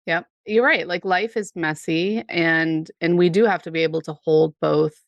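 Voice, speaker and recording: A woman's voice: sits low, steady tone, normal speed, no room sound. A woman co-hosting a podcast, talking through a TV episode in a thoughtful, reflective way, often asking "right?". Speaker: podcast co-host. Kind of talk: casual discussion of a TV show.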